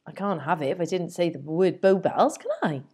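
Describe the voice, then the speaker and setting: A woman's voice: lowish voice, slightly rough. A woman co-hosting a podcast, chatting casually and joking at her own expense as she answers a quiz. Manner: lively, self-mocking, quick to laugh along. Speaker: podcast co-host. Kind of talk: casual chat.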